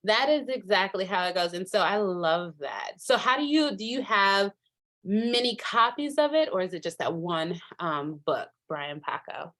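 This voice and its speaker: A woman's voice: medium pitch, animated, normal speed, a bit bright. A woman presenting a workshop over a video call, chatty and enthusiastic, with many fillers and asides. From Minnesota. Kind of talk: casual virtual workshop talk.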